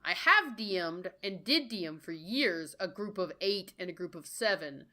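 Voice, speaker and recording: A woman's voice: fairly low pitch, lively intonation, normal speed, pushed and bright. A woman hosting a casual podcast chat about tabletop games, leading the talk with questions. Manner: enthusiastic, leads the discussion with questions. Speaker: podcast host and dungeon master.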